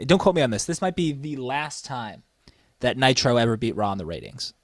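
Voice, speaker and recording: A wrestling podcast co-host tells his stories fairly quickly, recorded with no room sound. He's casual but gets more and more enthusiastic, and his pitch goes up when the excitement hits.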